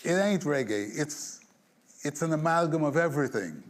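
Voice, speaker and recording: A man, a songwriter being interviewed, telling an anecdote in an animated way, acting out the scenes, humming bits of tunes and chuckling along. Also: a little high, normal speed. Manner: animated storyteller who acts out scenes and hums tunes; chuckles through his stories. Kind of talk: storytelling anecdote.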